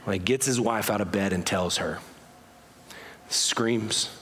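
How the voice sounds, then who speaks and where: A man's voice: fairly low pitch, measured pace, a bit bright, in a large hall, a little hiss or hum. A man preaching a storytelling sermon as pastor, talking conversationally and often correcting himself mid-sentence.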